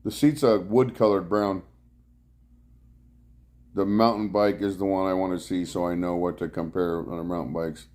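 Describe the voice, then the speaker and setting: Relaxing on his couch at home, a man runs a laid-back live stream in a low, steady, darkish voice at normal speed, pausing often. He welcomes viewers one by one and drifts between topics in easy chat, using the clip-on mic he wears while biking.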